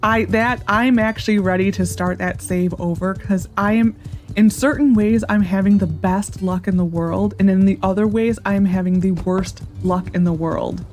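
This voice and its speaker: A woman's voice: medium pitch, fairly even intonation, moderate pace, a little mellow, faint music behind. A woman hosting a casual let's-play video, chatting in a rambling way and laughing often. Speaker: gaming video host.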